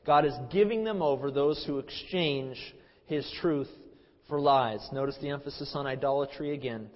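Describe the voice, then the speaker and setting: Man, preacher, Bible sermon, emphatic, loud-to-quiet swings, muffled recording, long hall echo. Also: mid-range voice, normal speed. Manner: emphatic, swings between loud stresses and quiet trailing phrases, repeats words.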